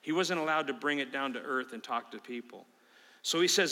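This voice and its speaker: A male pastor preaching a sermon to his congregation, emphatic and swinging between loud calls and hushed appeals. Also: a little high, lively intonation, moderate pace. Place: church sanctuary. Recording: reverberant church hall.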